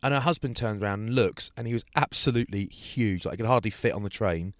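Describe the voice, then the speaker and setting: With a fairly low pitch and quick delivery, a male co-host tells a story on a podcast in casual conversation, animatedly giving each person their own voice. Audio is studio quality and echo-free.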